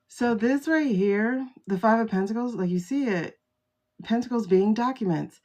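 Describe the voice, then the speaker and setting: This tarot reader hosts her livestream casually, speaking into a phone at a moderate pace in a slightly mellow voice on the high side. Her talk is chatty and packed with exclamations, and she welcomes viewers by name.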